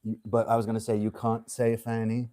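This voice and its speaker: A man's voice: on the low side, completely flat delivery, a little fast, warm tone. A man hosting a livestream in casual chat, joking around and laughing often as he rambles. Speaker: livestream host.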